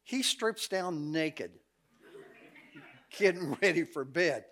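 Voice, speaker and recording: A middle-aged man preaches from a church stage. His voice sits a little high, and he tells stories in a folksy, good-humored way, often breaking into laughter. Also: expressive, slow, a bit bright. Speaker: guest preacher. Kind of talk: sermon with storytelling. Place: church sanctuary.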